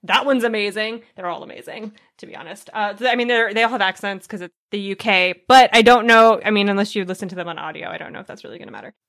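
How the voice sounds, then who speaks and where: A woman's voice: medium pitch, fast, hardly any pauses, a bit bright. Gushing woman describing favorite novels. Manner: gushing, lots of fillers, laughs easily. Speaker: podcast co-host. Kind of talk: casual book chat.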